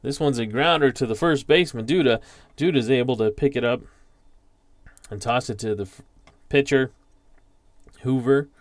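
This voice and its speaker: A man calling play-by-play for a tabletop baseball simulation, slowly reading out dice rolls and player stats. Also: mid-range voice, dry recording. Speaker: league commissioner calling a tabletop baseball sim. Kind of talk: play-by-play commentary.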